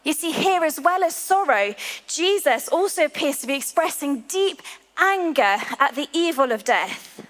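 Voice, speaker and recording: A woman preaching a sermon to her church, earnest, slowing to a hushed voice on key lines. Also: high voice, animated. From England. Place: large church hall. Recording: long hall reverb.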